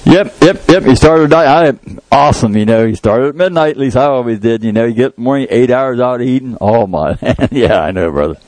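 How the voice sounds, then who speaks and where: A man's voice: mid-range voice, expressive, a little fast, hardly any pauses, a little mellow, dry recording, poor audio. A man giving an informal, folksy sermon, joking about himself and reading scripture aloud. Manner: folksy, jokey, laughs at himself, quotes scripture. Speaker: lay preacher.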